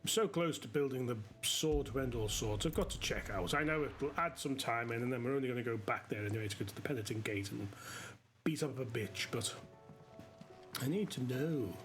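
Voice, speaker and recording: A man casually commentating while he plays a video game, excitable, cheering and cursing at enemies. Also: mid-range voice, brisk. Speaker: streamer playing a video game. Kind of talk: casual live commentary over gameplay. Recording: loud game music and combat sounds behind.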